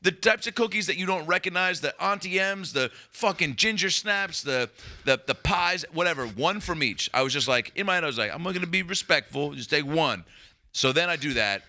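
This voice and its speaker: A man on a podcast telling a long story as a comedian guest, animated and profane, rambling with restarts. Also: fairly high pitch, brisk.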